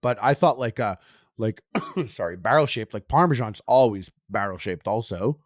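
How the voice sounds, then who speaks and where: A man's voice: fairly low pitch, animated, normal speed, no echo, clean studio sound. A man co-hosting a food podcast in casual, jokey banter. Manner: jokey, puts on mock British voices. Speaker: podcast co-host.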